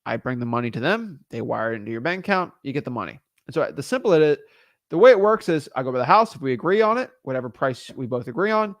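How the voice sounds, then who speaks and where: A young adult man teaching real estate wholesaling in a casual monologue, animated and exasperated, breaking into quick acted-out voices of sellers and attorneys. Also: a little high, dry recording, studio quality.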